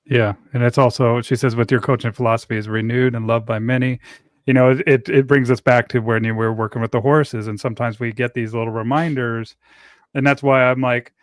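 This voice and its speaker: A man hosting a casual podcast conversation about dogs, relaxed and conversational, reading out listener comments. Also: medium pitch, brisk, dry recording. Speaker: podcast host.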